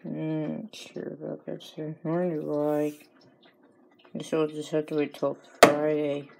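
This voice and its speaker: A woman's voice: sits low, monotone, unhurried, creaky, mellow, a little hiss or hum, low-quality recording. A woman vlogger talking through a playful pretend dialogue, answering herself back and forth with mock indignation.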